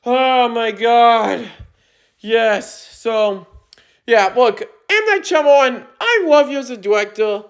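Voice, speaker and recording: A young woman with a high-pitched voice rants through a movie review, exasperated and emphatic. She talks slowly and deliberately, then often breaks into shouting. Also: animated, smooth. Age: young adult.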